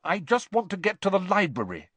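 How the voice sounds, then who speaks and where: A man's voice: fairly high pitch, huge pitch swings, brisk, fairly bright tone, husky, no echo, voice pushed up, heavily acted. A man voicing a clever, impatient schoolgirl who speaks snappily and with exasperation. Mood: exasperated.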